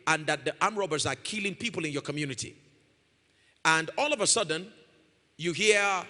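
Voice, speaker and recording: A man's voice: fairly high pitch, sharp tone. A man pastor preaching a sermon in a church hall, emphatic and repetitive, rising now and then into sung-out phrases. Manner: emphatic, repeats key phrases, rises into sung-out lines. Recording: long hall reverb.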